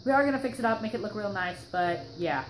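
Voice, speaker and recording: A woman's voice: medium pitch, expressive, quick pace, noisy background. A young woman hosting casual gameplay commentary, chatty and rambling with lots of fillers, her throat a little sore. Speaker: gaming channel host. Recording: roomy echo with background music.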